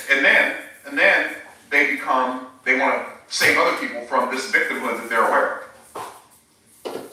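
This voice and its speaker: A man's voice: mid-range voice, pushed and bright, a little hiss or hum. A man preaching in a live-streamed sermon, speaking emphatically and putting rhetorical questions to his viewers. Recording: echoey room, voice from far off.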